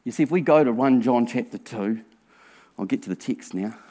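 A man preaching a sermon as pastor, earnest and emphatic, asking rhetorical questions and dropping to a hushed voice at times. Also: medium pitch, normal speed. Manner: earnest, drops to a hushed near-whisper for emphasis.

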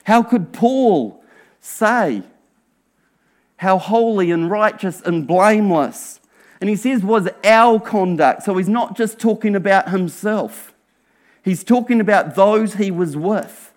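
A man preaching a sermon as pastor, earnest and emphatic, asking rhetorical questions and dropping to a hushed voice at times. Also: sits high, expressive, slow pace. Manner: earnest, drops to a hushed near-whisper for emphasis.

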